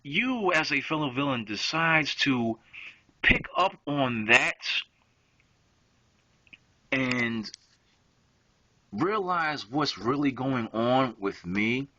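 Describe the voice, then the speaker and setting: Profane ranting young man, lively pitch. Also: drawn-out words, pauses often. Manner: profane, confrontational. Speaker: online gamer. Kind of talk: angry rant to camera. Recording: dull lo-fi home recording.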